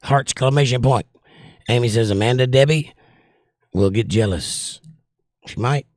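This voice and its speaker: A man's voice: medium pitch, normal speed, a little mellow, dry recording, clean studio sound. A man hosting a casual livestream, reading viewer comments aloud and joking back, his voice strained and short of breath. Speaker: livestream host reading chat. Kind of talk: casual chat.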